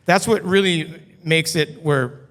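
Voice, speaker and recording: A man's voice: a little high, measured pace, fairly bright tone. A man who is a podcast guest, telling a story in a loose, cursing, casual way full of "like". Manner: loose and profane, heavy use of "like". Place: brewery taproom. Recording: long hall reverb.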